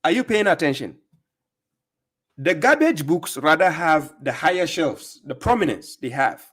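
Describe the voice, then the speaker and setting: A man's voice: fairly high pitch, big pitch swings, measured pace, a bit bright, husky. A man hosting a livestream, giving mocking, sarcastic religious commentary on video clips he plays. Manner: scornful, sarcastic, lecturing. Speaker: livestream host reacting to clips.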